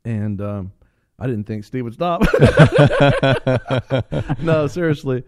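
A man on a talk radio show telling a funny story in a casual, animated way, laughing often and repeating phrases for emphasis. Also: mid-range voice, very slow, no echo, studio quality.

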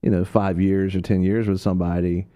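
A man with a low, warm voice preaches on a radio talk show. He tells stories in a loose, rambling way, full of fillers and restarts, and jumps into a high voice to act out the people he quotes. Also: flat delivery, fairly quick.

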